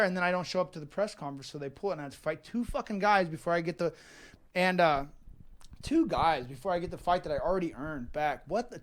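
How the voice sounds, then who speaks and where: A man in his thirties from Northern California gives a documentary interview in a fairly high voice. He rambles and swears, restarting sentences and circling back on his own words as he works through his thoughts. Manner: rambling, profane, many restarts and repeats. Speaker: professional fighter.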